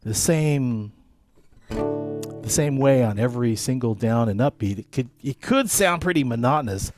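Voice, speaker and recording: Slow, steady man teaching guitar. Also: mid-range voice. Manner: counts beats slowly and steadily, friendly coaching. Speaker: guitar instructor. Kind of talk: live online guitar lesson.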